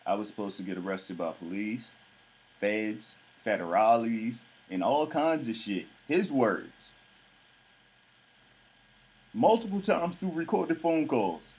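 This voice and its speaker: A man's voice: on the low side, animated, slow pace, long pauses, darkish tone, breathy edge, poor audio. A man hosting his own show, ranting in a blunt, mocking, profane way. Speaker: vlog host. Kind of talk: casual ranting commentary.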